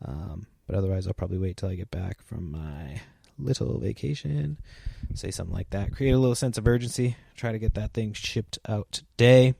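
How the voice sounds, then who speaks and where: Give me a man in his thirties rambling casually as a podcast host, low voice, dry close sound. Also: lively intonation, fairly quick, gravelly, warm tone, slightly rough, dry recording. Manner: loose and chatty, swears casually, many fillers.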